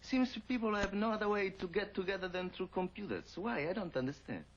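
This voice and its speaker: An actor playing a cheerful, nosy amateur sleuth who speaks in broken English. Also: male voice, sits high, lively intonation, fairly quick. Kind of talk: 1960s TV drama acting. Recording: dull old TV soundtrack, hiss.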